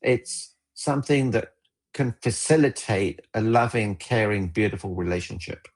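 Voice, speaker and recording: Male relationship coach, low voice, upbeat, explains by example in an interview. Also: moderate pace. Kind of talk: interview conversation.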